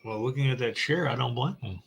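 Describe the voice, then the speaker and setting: A man's voice: medium pitch, brisk, vocal fry, a little hiss or hum. A man co-hosting a podcast, throwing in brief dry quips. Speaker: podcast co-host. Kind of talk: casual chat.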